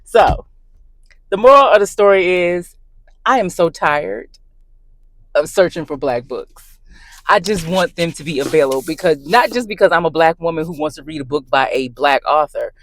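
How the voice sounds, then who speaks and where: A woman with a low-pitched voice vents in a casual vlog rant, emphatic and conversational as she tells her story. The sound is close and dry, with almost no room echo. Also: expressive, moderate pace. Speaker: book vlogger. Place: in her car.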